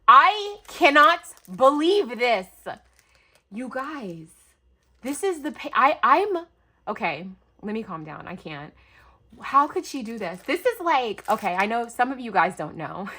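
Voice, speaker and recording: A young woman from the United States vlogging a craft mail unboxing, talking fast and gushing, overwhelmed and near tears. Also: fairly high pitch, slightly rough. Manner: gushing, talkative, breathless bursts of excitement. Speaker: craft YouTuber. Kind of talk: excited unboxing vlog.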